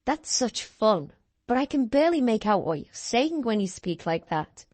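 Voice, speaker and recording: A woman's voice: on the high side, very animated, normal speed, darkish tone. A woman chatting playfully and enthusiastically as a quiz contestant on a podcast. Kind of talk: casual chat.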